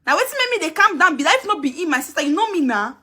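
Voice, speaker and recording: A woman's voice: very high-pitched, sing-song, very fast, pushed and bright. Taunting woman in Nigerian Pidgin. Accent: Nigerian Pidgin English. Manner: scolding, taunting, repeats herself. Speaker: live video streamer. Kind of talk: heated live video rant.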